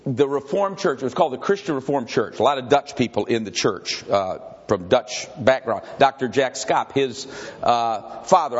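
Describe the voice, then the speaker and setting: Older man preaching in a reverberant hall. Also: mid-range voice. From Grand Rapids, Michigan. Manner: rambling, digressive, repeats himself, chuckles. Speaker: pastor leading a Bible study. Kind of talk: conversational sermon with questions to the congregation. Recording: dull recording with long hall reverb.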